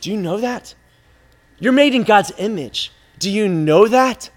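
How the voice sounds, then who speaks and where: A male preacher delivering an impassioned, repetitive sermon, swinging from hushed, intimate lines to loud, driving ones. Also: high-pitched, lively intonation, unhurried.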